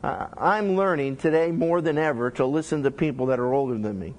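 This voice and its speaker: A middle-aged man preaching as a pastor, telling lively stories and acting out the people he quotes. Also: on the high side, a little fast. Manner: animated storytelling, acts out quotes. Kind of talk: sermon teaching.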